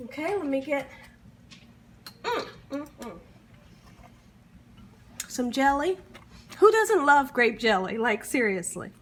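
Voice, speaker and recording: In her kitchen, this home cooking channel host keeps saying "guys" to her audience and hums whenever she tastes something, bubbling with enthusiasm. She speaks in a high, very animated, fairly bright voice at a slow pace with frequent pauses, with a little hiss or hum audible.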